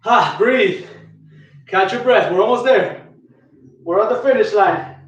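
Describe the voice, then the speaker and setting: A man's voice: high-pitched, expressive, a little slow, lo-fi sound. A man coaching a workout, counting reps aloud and calling out each move while out of breath. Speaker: fitness coach. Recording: echoey room, far from mic.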